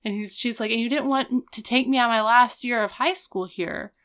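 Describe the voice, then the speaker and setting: A woman's voice: fairly high pitch, normal speed, a bit bright. A woman co-hosting a casual recap chat, retelling scenes and quoting the characters as she goes. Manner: retells scenes with quoted voices. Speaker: podcast co-host.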